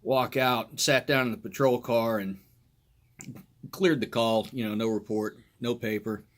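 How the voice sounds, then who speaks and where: A middle-aged man recounts an old police call in a relaxed, conversational way. His voice sits at an ordinary middle pitch. He breaks into laughter often and swears freely as he tells it. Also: a little slow. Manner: laughs often while telling, crude humor. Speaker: former police officer telling a story. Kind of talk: casual anecdote storytelling.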